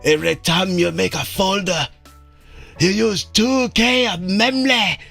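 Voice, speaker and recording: A man's voice: high voice, a little slow, gravelly, pushed and bright, soft background music, pitched above the performer's own voice, heavily acted. A man putting on a barking, scolding old IT teacher. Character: exasperated older male school IT teacher.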